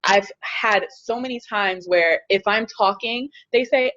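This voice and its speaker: A woman speaking in a casual panel discussion, earnest and measured. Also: mid-range voice, sharp tone, highs cut off.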